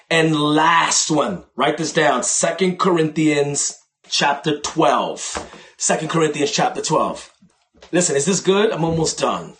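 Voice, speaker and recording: A man preaching a sermon in a lively, conversational way, dropping into slow, emphatic phrases. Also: a little high. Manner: animated, conversational preaching with sudden slowdowns for emphasis.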